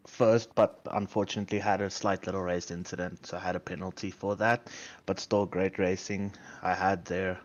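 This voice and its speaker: A man, a sim racing driver, reflecting on his season in a post-race interview, pausing with fillers. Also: lowish voice, lo-fi sound.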